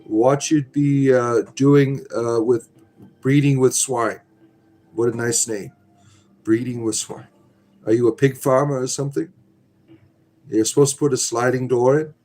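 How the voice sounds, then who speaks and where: A man's voice: medium pitch, steady tone, normal speed, dark tone. A middle-aged man hosting a casual livestream, reading chat aloud in a rambling, sardonic, irreverent way.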